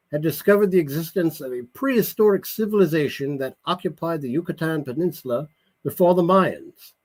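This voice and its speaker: A man reading his novel aloud, voicing a calm, formal middle-aged male director in a husky voice. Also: a little high, voice pushed up, lightly acted.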